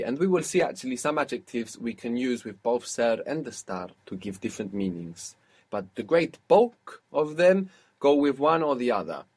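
A man's voice: mid-range voice, darkish tone, breathy edge. A man teaching a spoken language lesson, patiently explaining grammar step by step and quizzing his student.

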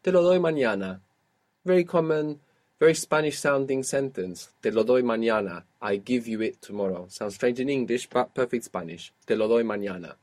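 A man's voice: medium pitch, moderate pace, darkish tone. A man teaching an audio language lesson, patiently prompting his student step by step.

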